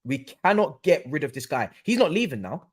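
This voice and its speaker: A man's voice: a little high, big pitch swings, fairly quick. Young man, football streamer, casual and sweary, mutters then rants. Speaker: streamer hosting a football watchalong. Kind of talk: casual live-stream chat.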